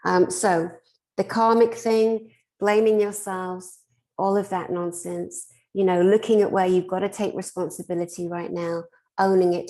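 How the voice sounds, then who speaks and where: Scottish woman, spiritual therapist, somewhat low voice, blunt and impassioned, heartfelt motivational talk. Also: a little mellow. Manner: impassioned and blunt, with mild swearing.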